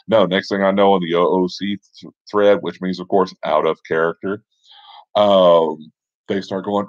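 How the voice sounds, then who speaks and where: A man casually telling a tabletop game story, with relaxed asides and fillers. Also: low-pitched, normal speed, no room sound, highs cut off.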